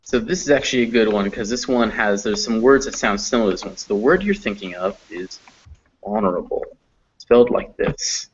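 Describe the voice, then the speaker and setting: A man's voice: lowish voice, expressive, fairly quick, husky. A man teaching English pronunciation to a class, patiently explaining step by step. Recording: dull lo-fi audio.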